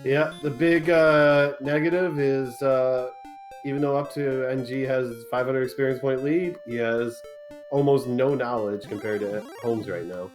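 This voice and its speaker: A laid-back man giving color commentary on a retro game race, cracking jokes between updates. He talks at a middle pitch, with faint music behind him. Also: fairly even intonation, unhurried. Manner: joking, laid-back, chatty. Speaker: tournament co-commentator.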